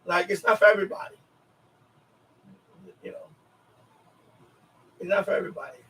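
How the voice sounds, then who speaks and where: A man's voice: high-pitched, moderate pace, a bit bright, recorded from a distance, a little hiss or hum, poor audio. A man with a New York accent who grew up in the city, hosting a casual live-stream chat and telling rambling stories with frequent laughs and restarts.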